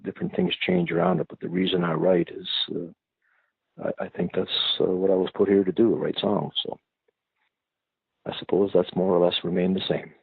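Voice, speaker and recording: A man from Prince Edward Island, Canada, giving thoughtful, unhurried interview answers as a singer-songwriter guest, searching for his words. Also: deep voice, little pitch movement, gravelly, husky, no echo. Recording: tinny phone-like line, dry.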